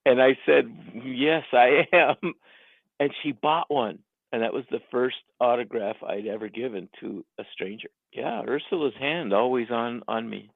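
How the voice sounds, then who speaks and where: Gravelly guy telling a story down a tinny phone line, laughs a lot, does little voices for people. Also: medium pitch, moderate pace, hardly any pauses, no room sound. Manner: animated, laughs often, acts out quoted voices. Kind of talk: casual storytelling interview.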